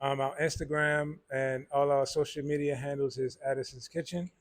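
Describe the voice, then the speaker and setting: A man, a chef and restaurant owner, answering interview questions in a soft-spoken way with frequent pauses and fillers. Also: a little high, flat delivery.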